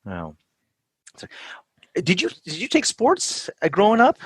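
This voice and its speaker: A man's voice: high-pitched, wildly swooping pitch, a little slow, slightly rough, no echo. Reflective male podcast host. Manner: reflective, hesitant, many fillers. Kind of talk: interview conversation.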